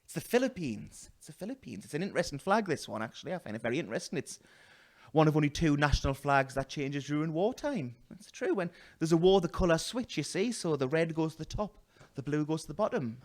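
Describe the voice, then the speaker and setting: At a small venue, a stand-up comic with a somewhat high voice tells a story loudly at a quick pace with lively intonation. He slips into put-on voices and throws in self-mocking asides.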